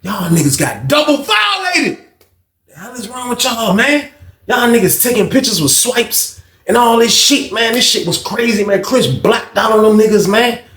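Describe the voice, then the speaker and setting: A man from Virginia tells a story in casual, profane talk, acting out each person in it. His voice sits high and swings widely in pitch. The room around him is roomy and echoing. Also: moderate pace. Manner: animated, profane, acts out other people. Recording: roomy echo.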